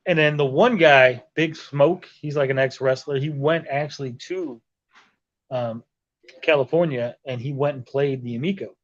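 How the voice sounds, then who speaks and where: A podcast host on a video call from a hotel room tells a story in casual chat, his medium-pitched voice at a moderate pace through dull audio. He is animated and profane, with lots of swearing, and acts out other people's lines.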